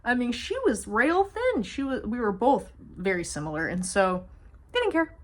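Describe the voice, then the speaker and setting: Talking to her camera in a storytime monologue, this young female vlogger cusses without restraint and stresses her words with lively energy. Her pitch is fairly high and her pace moderate.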